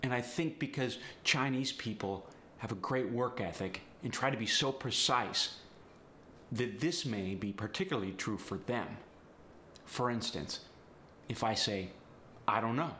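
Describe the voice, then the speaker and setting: A man's voice: mid-range voice, unhurried, bright, forceful tone, a little hiss or hum. A man coaching accents in an upbeat, teasing teaching manner. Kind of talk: instructional video. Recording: roomy echo.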